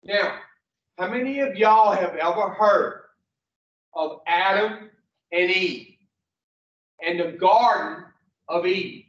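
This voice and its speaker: A man's voice: high-pitched, takes it slowly, long pauses, a bit bright. A man teaching a recovery program class in a blunt, profane, joking way, telling folksy stories. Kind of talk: folksy storytelling lesson. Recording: distant, roomy, muffled.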